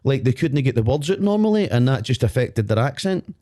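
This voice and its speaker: A man's voice: medium pitch, very animated, fairly quick, warm tone. A Scottish man with a Glaswegian accent, co-hosting a podcast in casual chat, rambling and joking about himself as he talks. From Scotland. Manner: rambling, joking, self-deprecating. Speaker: podcast co-host. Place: podcast studio.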